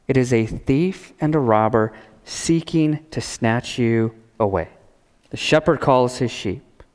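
A man pastor preaching a sermon as a storyteller, swinging from loud passages to hushed ones. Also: medium pitch, lively intonation, measured pace, clean tone, in a large hall.

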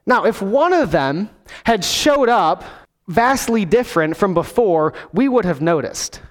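A man's voice: high-pitched, big pitch swings, measured pace, big-room sound. A man preaching a sermon in a storytelling way, acting out scenes with different voices. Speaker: pastor.

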